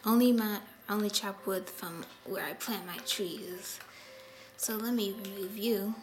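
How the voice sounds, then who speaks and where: A woman's voice: medium pitch, measured pace, over music. A woman giving casual gameplay commentary, chatty and sighing often as she talks to the animals in her game. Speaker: gameplay video host.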